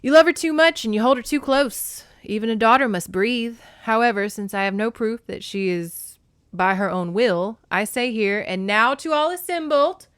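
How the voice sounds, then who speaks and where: A woman's voice: fairly high pitch, lively intonation, moderate pace, a bit bright, clear, resonant tone, no echo, clean studio sound. A woman reading as a commanding queen goddess. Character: stern queen goddess addressing an assembly. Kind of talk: dramatic reading from a novel.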